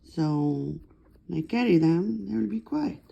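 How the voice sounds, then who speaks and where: A woman films her newborn puppies at home on her phone, speaking slowly and warmly. Her voice is mellow with a light gravelly edge. She swings between calm explaining and lively baby talk. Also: highs cut off. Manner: switches between plain explaining and high-pitched baby talk. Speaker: dog owner filming her puppies.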